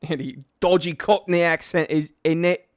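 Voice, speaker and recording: A man's voice: on the high side, fairly even intonation, moderate pace. Irreverent, joking male streamer. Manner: irreverent, joking, loose and rambling. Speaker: live streamer. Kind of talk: casual live-stream chat reading comments.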